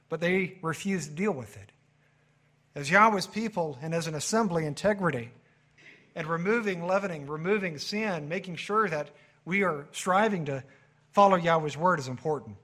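Bright-voiced man preaching a sermon. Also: fairly high pitch. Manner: emphatic preaching with rising and dropping delivery. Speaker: pastor.

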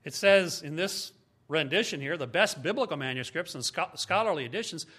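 A man's voice: fairly high pitch, expressive, a little fast, sharp tone, husky. A man giving a teaching sermon as a Bible teacher, speaking emphatically and explaining step by step with rhetorical questions.

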